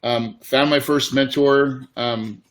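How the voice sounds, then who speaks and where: A man's voice: mid-range voice, steady tone, slow pace. A middle-aged man, a real estate investor, telling a candid personal story in a casual, emotional way. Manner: casual, emotional, says dude and man often.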